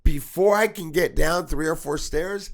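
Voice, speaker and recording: A man's voice: fairly high pitch, unhurried, creaky. A man chatting casually, swearing a lot and jumping in to back up a story. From Southern California. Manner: profane, excitable, backs up stories with slang. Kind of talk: casual chat.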